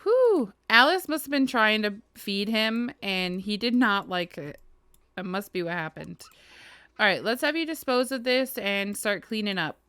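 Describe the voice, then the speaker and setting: A woman's voice: medium pitch, expressive, normal speed, bright, forceful tone, clear, resonant tone, dry recording. A woman casually commenting on her life-sim game as she plays, chatty and giggly, talking to her game characters. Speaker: gaming video host. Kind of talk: casual let's-play commentary.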